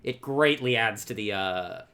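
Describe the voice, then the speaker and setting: A man giving casual reaction commentary, excitable and rambling, trailing off and restarting often. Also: on the low side, unhurried. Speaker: reaction video host.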